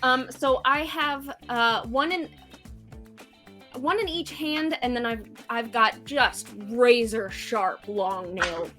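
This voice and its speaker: A woman's voice: a little high, bright, forceful tone, soft background music. A woman playing in a tabletop game, playful and dramatic in her casual talk. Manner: playful and dramatic, quick laughs. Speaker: player.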